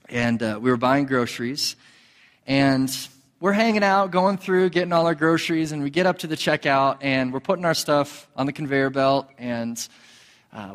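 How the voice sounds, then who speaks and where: A man's voice: mid-range voice, fairly bright tone. A man preaching a sermon in a conversational, storytelling way, with fillers and repeated words. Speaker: pastor. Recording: long hall reverb.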